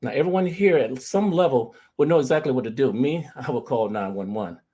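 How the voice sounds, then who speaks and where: A middle-aged man with a husky voice gives an earnest talk on grief. He speaks straight to his audience and weaves in personal stories. His pitch sits in a plain middle range. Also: expressive, a little fast, mellow. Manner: earnest storytelling, addresses audience directly. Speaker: grief recovery specialist.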